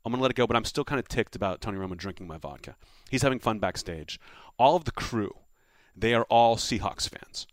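A man's voice: fairly low pitch, brisk, few pauses, no echo. A man who is a comedian guest, telling a story in casual chat and acting out the quotes. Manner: animated anecdote teller, acts out quotes.

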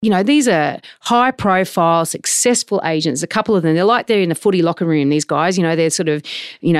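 A middle-aged woman who hosts an interview podcast and asks long, chatty, animated questions. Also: on the low side, a little fast, clear, resonant tone, no room sound, studio quality. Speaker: podcast host.

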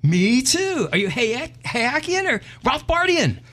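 A man voicing an excitable woman who questions eagerly in a told joke, with a raised, falsetto-like pitch. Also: exaggerated voice. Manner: eager, rapid questioning, sudden yelling. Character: zealous woman libertarian, shrill and excitable.

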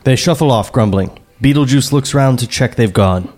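A man's voice: medium pitch, fairly quick, a little mellow. A man co-hosting a podcast who reads out stage directions and chats in a joking, laughing way. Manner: chatty, joking, often laughing. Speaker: podcast co-host and script narrator. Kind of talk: reading stage directions and casual chat.

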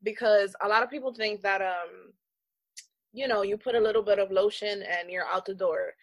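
A woman guest on a podcast, chatting casually about skincare in a lively, slangy way, acting out what others said. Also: medium pitch, moderate pace, no room sound. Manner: animated, acts out quotes, slangy. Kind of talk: casual chat.

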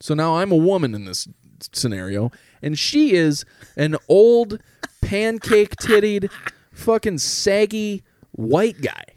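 Animated man telling a crude funny story. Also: high voice, takes it slowly, no room sound, clean studio sound. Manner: rambling, swears often, lively anecdotes. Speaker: podcast co-host. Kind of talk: casual comedic storytelling.

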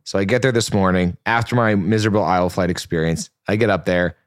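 Canadian male co-host, low and quick, chatty storyteller, dry studio sound. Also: fairly even intonation, dry recording. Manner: quick, rambling, lots of fillers. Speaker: podcast co-host. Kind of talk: casual podcast chat and storytelling.

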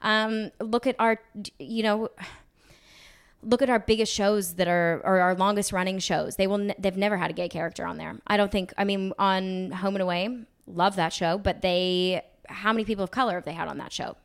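A young woman from Australia, a guest actress chatting casually in an interview, laughing often and filling pauses with "like" and "um". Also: mid-range voice, fairly even intonation, smooth.

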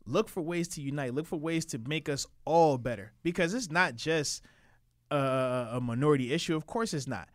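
Sports radio co-host, earnest and emphatic, slightly high voice. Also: male voice, lively intonation, moderate pace, no echo, studio quality.

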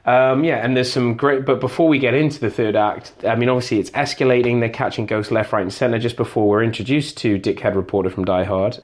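A man's voice: mid-range voice, steady tone. Man bantering about a film. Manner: quick, laughing banter. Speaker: podcast co-host. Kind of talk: casual film-review chat.

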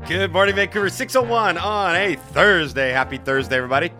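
A man hosting a morning sports radio show in a studio, talking in a quick, joking and upbeat way. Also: high voice, over music. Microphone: studio broadcast microphone.

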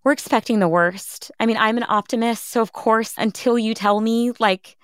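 A woman's voice: fairly high pitch, moderate pace, clear, resonant tone, dry recording, studio quality. A woman in her thirties, a podcast host, telling her own story in an interview, earnest and reflective, often reenacting what others said. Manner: earnest, reflective, quotes others in lively retellings.

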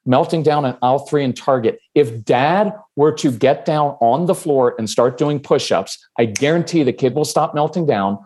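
Calm man giving parenting advice. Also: mid-range voice, moderate pace, few pauses. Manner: calm, steady, gives examples with acted quotes. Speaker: parenting expert guest. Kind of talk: casual podcast interview.

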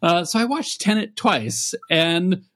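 A man's voice: high-pitched, expressive, slow pace, a bit bright. A man co-hosting a casual review podcast, chatty and wry, laughing often as he talks. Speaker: podcast co-host.

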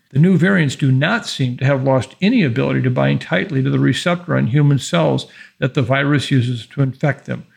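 A man hosting an infectious-disease podcast, giving a measured, emphatic monologue and reading passages from an article aloud. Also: a little high, creaky.

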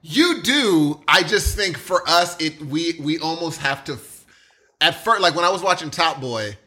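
A Californian man talks casually, animated and fond of acting out little quoted reactions. His pitch swings widely and his tone is bright and forward. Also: a little slow, breathy edge. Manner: animated storyteller, acts out quotes. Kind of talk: casual chat.

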